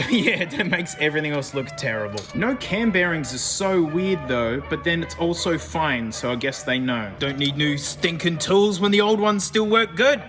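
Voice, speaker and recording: Australian male car vlogger, high and excitable, slangy and quick to laugh; reverberant garage sound. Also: music in the background. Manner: excitable, chatty, laughs often, lots of slang. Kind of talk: casual commentary over car work and testing.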